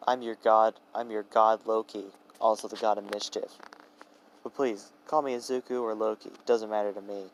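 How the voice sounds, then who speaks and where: A man doing a playful ancient trickster god who needles everyone around him, breezy and a little pouty. The voice sits low, with faint noise behind it. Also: fairly even intonation, moderate pace, close to an everyday voice, rough recording. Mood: teasing.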